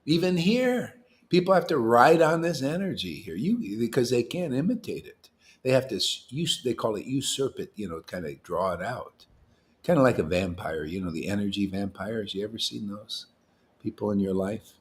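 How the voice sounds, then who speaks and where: Guy preaching casually to devotees, super lively up-and-down voice, keeps repeating himself, pushy and emphatic. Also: on the low side, moderate pace. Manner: animated, emphatic, challenging, colloquial. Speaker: spiritual teacher. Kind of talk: informal sermon to devotees.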